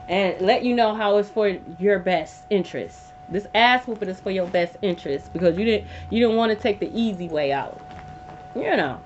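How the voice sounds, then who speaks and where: Blunt, emphatic tarot reader woman. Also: mid-range voice. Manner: emphatic, blunt and profane, repeating lines for effect. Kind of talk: casual tarot reading to camera. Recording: dull lo-fi audio with hum.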